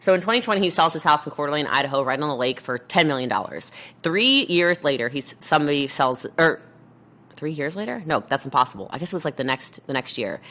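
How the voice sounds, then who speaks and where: A woman guest on a podcast interview, talking fast and animated, acting out quoted voices. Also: sits low. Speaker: podcast guest, network marketer. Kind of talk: energetic interview talk.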